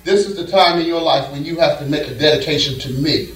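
Man voicing God, deep, solemn, measured, fatherly, roomy distant sound. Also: fairly bright tone, lightly acted.

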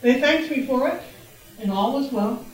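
A middle-aged woman preaching a lively testimony in a church, laughing and calling out praises. Her voice is high and bright. She sounds far from the mic, and a long, heavy echo fills the room. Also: moderate pace. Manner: exuberant, laughing, shouting praises. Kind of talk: testimony sermon. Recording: very echoey church, distant mic.

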